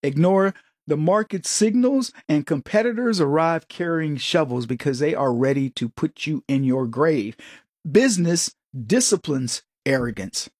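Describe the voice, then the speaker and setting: A man's voice: measured pace, dry recording, studio quality. A middle-aged American man hosting an opinionated commentary show, talking animatedly and jumping into quoted voices. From United States. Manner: animated, jumps into higher-pitched quoted voices.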